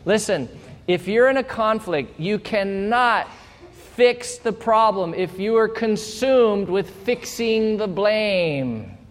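A man with a high voice preaches to a congregation in a playful, animated way, acting out short exchanges to make each point. His voice carries a long reverb, as in a large hall. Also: takes it slowly. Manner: animated, playful, acts out little quoted exchanges. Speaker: pastor. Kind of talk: sermon.

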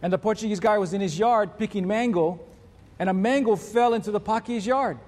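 A male preacher with a high voice delivers an earnest sermon, walking his listeners through numbered points. His voice carries through a large hall with a long reverb tail. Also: a little fast, darkish tone.

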